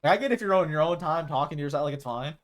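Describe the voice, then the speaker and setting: A man's voice: a little high, animated, very fast. A man chatting casually with his stream viewers as a live streamer, rambling and acting out quoted exchanges.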